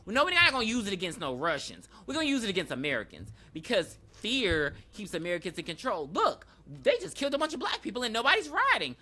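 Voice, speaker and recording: This co-host has a mid-range, sing-song voice with a sharp tone, moving quickly with few pauses. She tells the TV episode's story loosely on the podcast, performing the characters' lines amid slang and laughter.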